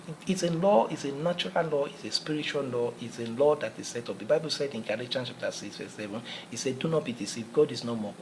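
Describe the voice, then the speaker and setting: A man's voice: medium pitch, a bit bright, rough recording. An earnest male motivational speaker with a mid-range voice talks in a repetitive, preacherly way, often circling back over his own phrases. A faint hiss sits under the recording. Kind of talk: motivational talk.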